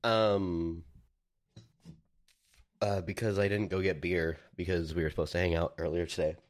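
A man's voice: low voice, level tone, moderate pace. A man co-hosting a podcast, teasing his friends in goofy casual chat. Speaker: podcast co-host.

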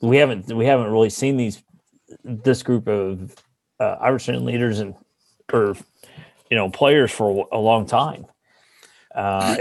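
Laid-back lower-voiced man playing a tabletop game. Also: darkish tone, no room sound. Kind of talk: casual in-character game talk.

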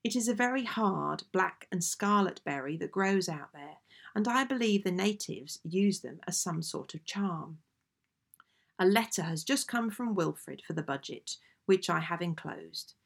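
Woman, low voice, gravelly fry, measured genteel reading of old letters. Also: expressive. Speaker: audiobook reader.

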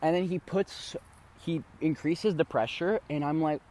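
On a podcast, a male co-host casually tells a long story, rambling with lots of fillers and swearing freely. He has a fairly high, darkish voice and a measured pace.

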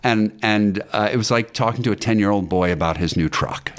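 Very low-voiced man telling a story. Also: a little fast. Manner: anecdotal, hesitant with ums and restarts. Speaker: guest actor and acting teacher. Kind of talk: casual podcast storytelling.

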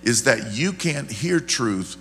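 A man's voice: medium pitch, expressive, slow pace, fairly bright tone, a little hiss or hum. A man preaching a conversational, folksy sermon, often checking in with the congregation. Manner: folksy, asks the congregation questions. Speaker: pastor.

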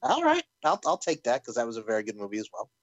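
Animated, lively-voiced male podcast co-host. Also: mid-range voice, fast talker, no room sound, muffled recording. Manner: animated, swears freely, breaks into laughter. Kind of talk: casual chat.

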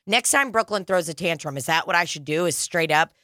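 Young woman, crude and jokey, bright low-ish voice, dry close mic, rambling podcast co-host. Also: animated, brisk, dry recording. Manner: crude, joking, rambling with lots of fillers. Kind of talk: casual chat.

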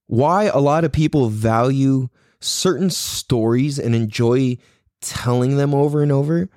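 Rambling, slow-talking podcast host man. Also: mid-range voice, darkish tone, dry recording, studio quality. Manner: rambling, laughs a lot, slangy. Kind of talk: solo casual podcast chat.

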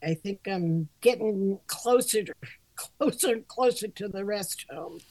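A woman's voice: medium pitch, a little slow, mellow. An older woman co-hosting a grooming podcast, chatting casually, self-deprecating and frank, laughing often and swearing freely. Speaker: podcast co-host, dog groomer and shop owner. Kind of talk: casual chat.

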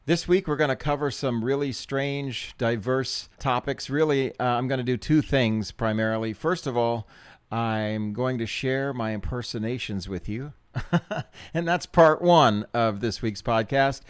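A man's voice: medium pitch, unhurried, smooth, no room sound, clean studio sound. A middle-aged man hosting his own podcast in a chatty, self-deprecating way, with ums and small laughs. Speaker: podcast host. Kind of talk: casual solo podcast talk.

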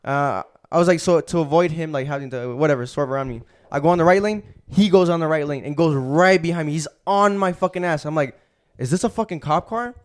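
A man's voice: a little high, fairly quick. A young man hosting a podcast, telling a story in casual, profane street slang. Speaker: podcast host.

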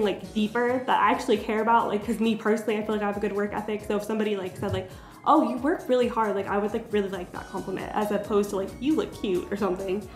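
A young woman co-hosting a podcast, recapping a game route in casual chat full of fillers, laughing often. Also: medium pitch. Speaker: podcast co-host. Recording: roomy echo, faint music bed.

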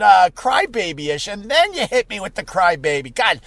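Brief: high, animated male streamer, dry close sound, rambly storyteller who keeps bursting out loud. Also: moderate pace, vocal fry, dry recording. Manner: animated, with sudden loud outbursts and many fillers. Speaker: live streamer. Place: parked car.

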